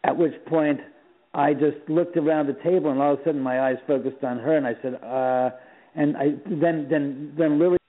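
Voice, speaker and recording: A middle-aged man from Los Angeles, a radio guest telling animated stories and acting out the dialogue, often repeating words as he goes. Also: fairly high pitch, moderate pace. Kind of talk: phone interview, storytelling. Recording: tinny phone line.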